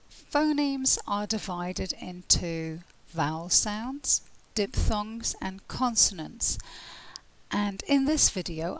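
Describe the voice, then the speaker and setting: Woman, English accent, pronunciation tutor, clear deliberate delivery, medium pitch. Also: poor audio. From England. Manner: clear, deliberate teaching delivery, slowing down to spell out examples. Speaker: IELTS tutor. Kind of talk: pronunciation lesson.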